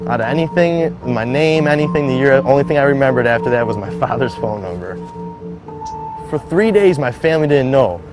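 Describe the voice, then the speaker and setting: Relaxed young man telling his story. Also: medium pitch, brisk. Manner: conversational, heavy use of "like", acts out quoted voices. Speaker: interviewee recounting surviving a shooting. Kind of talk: casual first-person storytelling. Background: background music.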